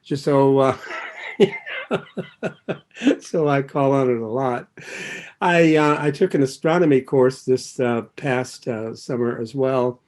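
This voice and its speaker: An older man tells his own story at a recovery meeting in a warm-hearted, rambling way. He drifts off track, loses his place and finds it again, and lets a soft chuckle slip between thoughts. His tone stays earnest and sincere. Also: medium pitch, lively intonation, slow pace, pauses often. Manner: rambling and digressive, loses his thread and circles back. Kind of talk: personal recovery share.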